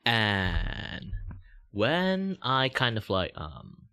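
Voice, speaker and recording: A young man from Malaysia talks through a casual livestream. His voice sits low but swings up and down a lot. He rambles, mocks himself and chuckles often, and the close desk mic sounds dry. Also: huge pitch swings, extremely slow, sharp tone, dry recording. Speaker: VTuber streamer.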